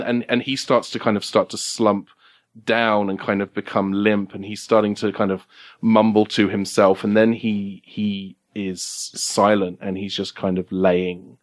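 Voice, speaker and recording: A man narrating as game master of a tabletop game, halting and restarting as he describes scenes, recorded at a game café. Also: fairly low pitch, flat delivery.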